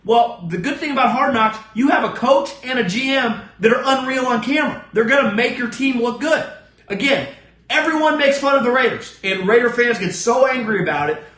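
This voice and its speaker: Man, sports podcast host, blunt and profane, emphatic, bright tone, echoey room. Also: animated, brisk. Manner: acts out other people's lines in a lower voice. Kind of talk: solo opinion rant.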